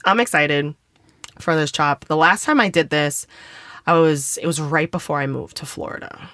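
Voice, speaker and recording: A woman's voice: moderate pace, no echo, clean studio sound. A woman in her thirties co-hosting a podcast, chatting casually and telling stories with lots of swearing. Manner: animated storyteller, swears freely, acts out quotes with big pitch jumps. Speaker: podcast co-host. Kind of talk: casual chat.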